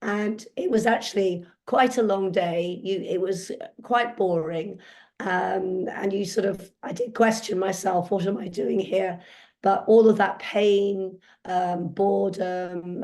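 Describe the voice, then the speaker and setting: A woman with a croaky voice, telling candid stories as a podcast guest. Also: mid-range voice, a little mellow. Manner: candid, anecdotal storytelling. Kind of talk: casual interview.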